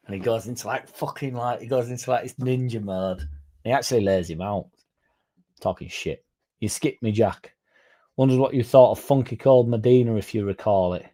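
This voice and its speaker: A man's voice: medium pitch, normal speed, warm tone. A man hosting a casual livestream, rambling, swearing and chatting to viewers by name. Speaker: fan channel livestream host.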